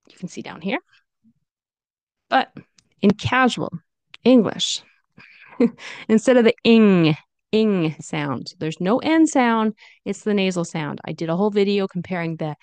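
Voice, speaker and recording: Slow, gravelly woman teaching pronunciation. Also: mid-range voice, animated, no echo. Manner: slow and deliberate, repeating example phrases. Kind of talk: casual spoken lesson.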